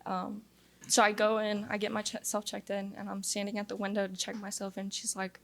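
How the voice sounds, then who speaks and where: A young woman from Louisiana shares her testimony in an interview, speaking candidly and earnestly. Her voice has a steady gravelly fry, and it stays flat and even in pitch. She fills her story with frequent "like"s as she talks it through. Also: fairly quick. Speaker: guest sharing testimony.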